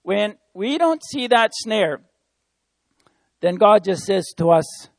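High-voiced man preaching an earnest sermon. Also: expressive, takes it slowly, creaky, no room sound. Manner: earnest, conversational, addresses listeners as friends. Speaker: missionary preacher. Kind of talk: informal sermon.

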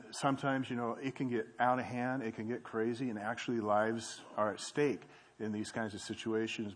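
An earnest man addresses a church congregation. His voice sits in a middle range, and his delivery is loose, full of fillers and restarted phrases. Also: mid-range voice. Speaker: campus ministry speaker. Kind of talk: church talk.

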